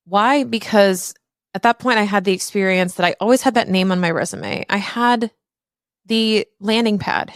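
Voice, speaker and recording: A woman's voice: medium pitch, normal speed, clean tone, dry recording, studio quality. A woman in her thirties hosting a podcast, telling a personal story candidly and emphatically, with casual swearing. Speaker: podcast host.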